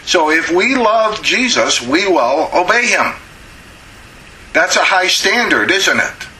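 Middle-aged man, Bible study teacher; bright, slightly high voice, chatty sermon delivery with "uh" restarts; faint noise behind. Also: sing-song, slow, low-quality recording. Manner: conversational, with frequent "uh" restarts and rhetorical questions.

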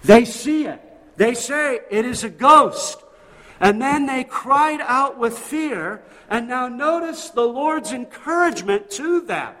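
A man's voice: very high voice, fairly bright tone, big-room sound. A male pastor preaching a sermon in a church, emphatic and full of rhetorical questions. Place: church sanctuary.

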